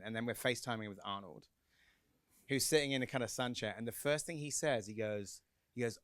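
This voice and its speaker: An English man, a film director, telling lively anecdotes at a cinema Q&A, quick and laughing. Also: on the low side, no room sound. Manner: quick, chatty, laughing storyteller. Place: cinema Q&A on stage.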